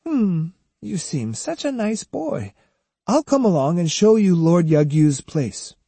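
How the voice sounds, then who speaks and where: A sly, teasing woman of the night, put on by a male reader in an audiobook. She mocks and coaxes in a high, sing-song lilt, her tone swooping up and down. The voice is husky and close, in a dry room. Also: big pitch swings, takes it slowly, mellow, dry recording, full character voice. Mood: coaxing. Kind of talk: audiobook character voice.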